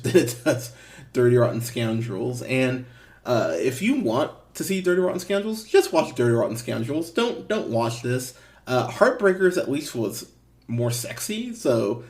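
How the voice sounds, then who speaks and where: A man hosting a movie podcast, giving a casual, blunt review with frequent swearing and restarts. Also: mid-range voice. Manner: blunt, swears, lively emphasis with fillers and restarts. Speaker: podcast host.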